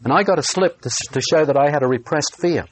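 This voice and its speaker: A man preaching a sermon, telling a personal story in an earnest way and slowing down on key phrases. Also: on the high side, no echo.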